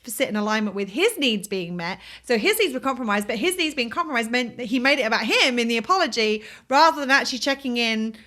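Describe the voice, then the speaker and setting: A woman with a bright, fairly high voice talks through her ideas on a podcast. She is reflective and wordy and circles back on her own sentences. Her tone stays easygoing and conversational. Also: lively intonation, fast, hardly any pauses. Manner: reflective, explains at length with restarts. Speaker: podcast co-host. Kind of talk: casual conversational chat.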